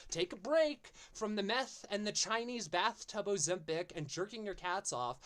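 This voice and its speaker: A man's voice: sits high, expressive, normal speed, few pauses, fairly bright tone. A man hosting a stream, ranting in a profane, mocking and exasperated way. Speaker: streamer and show host.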